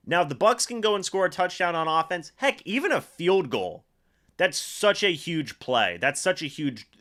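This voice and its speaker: A young man hosting a live fan watch-along, giving play-by-play and reacting excitedly, often repeating himself. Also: on the high side. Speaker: fan livestream host calling a football game.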